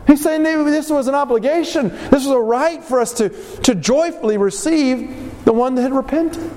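A man preaching a sermon in a church hall, animated and firing rhetorical questions at his congregation. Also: extremely high pitch, normal speed, hardly any pauses.

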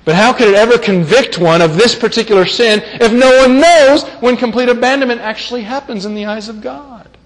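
A man's voice: very high-pitched, a little fast, few pauses. A man preaching a sermon, emphatic, who repeats key phrases and asks the listeners rhetorical questions. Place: church meeting hall. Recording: long reverb of a large hall.

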